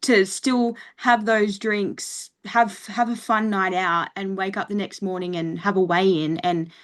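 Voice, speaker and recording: A young woman talking as a podcast guest, relaxed and plain-spoken, laughing often and saying "like" a lot. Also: mid-range voice, unhurried. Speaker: coaching client guest. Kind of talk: casual interview chat.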